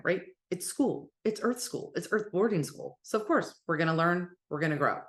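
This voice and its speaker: A woman teaching casually about spirituality, speaking in an animated, encouraging way and sometimes cheering in playful voices. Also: on the low side. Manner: warm encouraging address.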